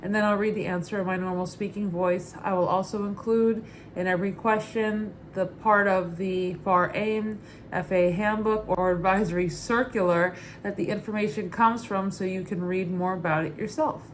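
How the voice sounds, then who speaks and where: A woman who flies as a private pilot reads her study notes aloud in an easy, casual way. Her voice is mid-pitched and matter-of-fact, with an upbeat lift. Faint noise runs behind her. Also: steady tone, moderate pace.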